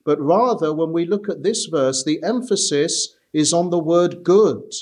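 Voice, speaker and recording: A man preaching an expository sermon in a measured, earnest way, pausing often with "uh". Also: a little high, darkish tone. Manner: measured, earnest, with frequent "uh" pauses.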